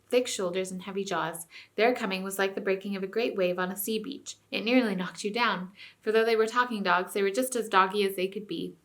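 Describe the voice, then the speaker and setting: Bright-voiced woman teacher reading aloud. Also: medium pitch. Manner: clear storytelling. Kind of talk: reading a novel aloud to a class.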